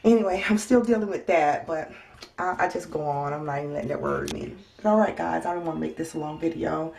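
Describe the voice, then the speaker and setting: A woman with a low, gravelly voice gives a casual health update from home. She sounds weary and in pain. She speaks softly and haltingly, with frequent ums and sighs. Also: a little hiss or hum. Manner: soft-spoken, halting with many ums and sighs. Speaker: vlogger. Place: home, indoors.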